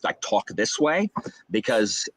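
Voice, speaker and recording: A young man from the American South tells animated family stories on a video call. His voice is a little husky, and his pitch rises and falls widely as he mimics relatives. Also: slow, no echo. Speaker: booktuber. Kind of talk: casual storytelling chat.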